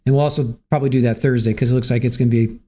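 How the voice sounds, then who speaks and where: Chatty host rambling thru the wrap-up, lots of ums and uhs, average pitch. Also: steady tone, racing, warm tone. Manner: rambling, chatty, many fillers. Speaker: livestream host. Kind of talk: casual livestream chat.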